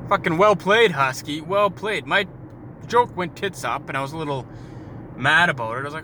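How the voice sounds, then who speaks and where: A man's voice: on the high side, moderate pace, pauses often. Joking, swearing man chatting from his car. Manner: rambling, swears a lot, jokey. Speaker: podcast host. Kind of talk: casual storytelling while driving. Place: inside a moving car. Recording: car road noise behind.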